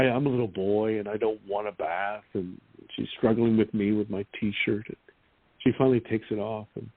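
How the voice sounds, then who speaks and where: Gravelly husky guy in his 50s telling his story over a tinny dry phone line, lowish voice. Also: no echo. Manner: earnest, vivid retelling with halting restarts. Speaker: interview guest. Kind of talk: personal storytelling in an interview.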